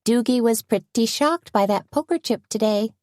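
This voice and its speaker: A woman's voice: fairly high pitch, moderate pace, a little mellow, no room sound, studio quality, pitched above the performer's own voice, lightly acted. A woman voicing a chatty, teasing small-town woman friend in an audiobook, raised and perky. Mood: gossipy.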